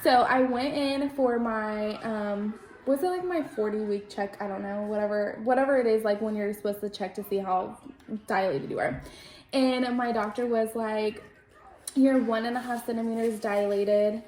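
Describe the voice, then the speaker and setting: A young woman chats through a long personal story, rambling and full of "like", quoting people in lively bursts. Her voice sits a little high, and the room around her rings with echo. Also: moderate pace. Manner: rambling, lots of "like", animated quoting. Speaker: vlogger telling her labor story. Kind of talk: casual storytelling chat. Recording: echoey room.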